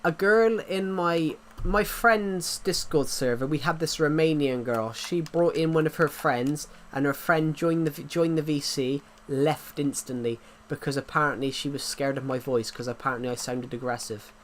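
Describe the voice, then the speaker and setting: A man's voice: fairly high pitch, moderate pace, few pauses, slight background noise. An English man chatting casually on a livestream, rambling with many restarts and fillers, his throat sore. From England. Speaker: livestream host.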